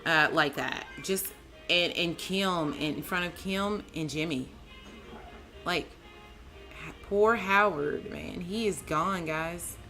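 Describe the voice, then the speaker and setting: A woman hosting a casual TV recap, excitable and chatty, calling out to her co-host and viewers with lots of "like", "man" and "dude". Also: lowish voice, takes it slowly, faint music behind. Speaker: TV show reviewer, channel host.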